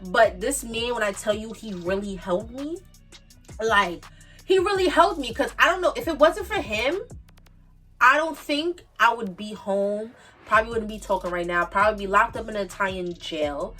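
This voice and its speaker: A woman in her twenties from the Bronx, New York, with a New York accent, telling a storytime tale in an animated, emphatic way and repeating her points. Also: a little high, normal speed, recorded from a distance, faint music behind. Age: 20s. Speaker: vlogger. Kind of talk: casual storytime monologue.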